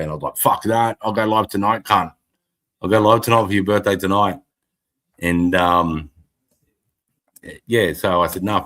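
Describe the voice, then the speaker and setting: An Australian man with a low-pitched, fairly bright voice hosts a casual livestream, rambling on, swearing heavily, and laughing often.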